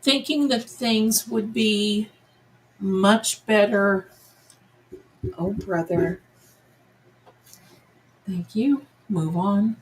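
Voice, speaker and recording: A middle-aged woman hosts a live psychic tarot reading, musing aloud and chatting to her viewers and her cats. Her medium-pitched voice draws words out and pauses often, and the recording is rough.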